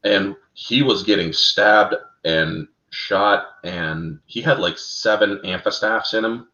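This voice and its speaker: Low-voiced man recounting lore animatedly. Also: takes it slowly. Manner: animated, addresses listeners as folks, laughs at own slips. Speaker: co-host of a fan lore talk show. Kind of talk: casual lore discussion. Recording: roomy, dull lo-fi sound.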